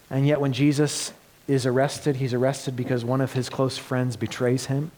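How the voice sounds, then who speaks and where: A man preaching a sermon as pastor, earnest, moving between loud emphatic passages and soft hushed ones. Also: mid-range voice, level tone, normal speed. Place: church.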